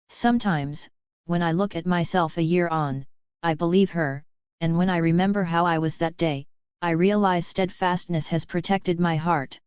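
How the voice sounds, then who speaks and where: Grave woman reading in a low, smooth voice. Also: a little mellow, no echo, muffled recording. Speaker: reader of first-person testimony. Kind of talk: measured audiobook reading.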